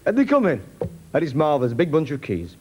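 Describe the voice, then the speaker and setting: A man's voice: on the high side, wildly swooping pitch, quick pace, darkish tone, slightly rough. A man doing a stand-up routine, rambling wryly through an anecdote. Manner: rambling, anecdotal, wry storyteller. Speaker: stand-up comedian. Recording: hissy old TV recording.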